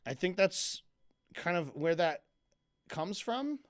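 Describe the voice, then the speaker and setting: A man giving sarcastic, profane commentary as a streamer reacting to a video, with lots of halting restarts. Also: high-pitched, very animated. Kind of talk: casual commentary.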